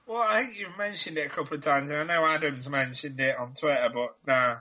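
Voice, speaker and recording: A man's voice: fairly high pitch, a little fast, lo-fi sound. A man with an English Midlands accent, a podcast guest joking crudely over a video call. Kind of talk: casual podcast banter.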